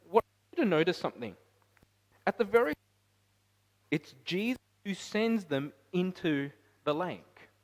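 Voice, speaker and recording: Male pastor, fairly high voice, sermon delivery in a reverberant church hall, swings between forceful emphasis and hushed asides. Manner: rises to loud emphatic peaks, then drops quiet.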